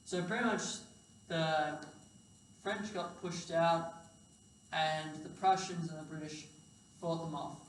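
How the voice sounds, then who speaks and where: A man's voice: on the high side, fairly even intonation, takes it slowly, pauses often. A sleep-deprived man giving a casual, rambling history lecture, swearing and correcting himself as he goes. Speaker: history presenter. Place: lecture hall. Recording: echoey hall, distant mic, faint hum.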